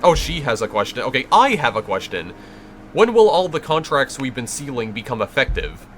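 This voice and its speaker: A man's voice: medium pitch, big pitch swings, moderate pace, a bit bright. A man reading the lines of a determined banished young witch in his own plain voice, with game music behind.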